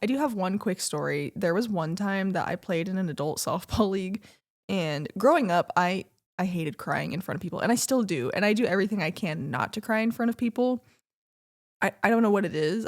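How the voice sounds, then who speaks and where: A young woman co-hosting a casual couples podcast, chatty and quick to laugh as she tells stories. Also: on the low side. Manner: chatty storyteller, animated, laughs often. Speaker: podcast co-host. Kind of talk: casual chat.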